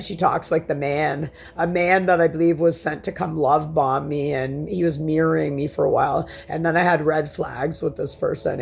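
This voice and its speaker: A woman's voice: sits low, creaky. A woman in her forties venting in a rambling, profane personal monologue to camera. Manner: emphatic, profane, rambling rant. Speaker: vlogger.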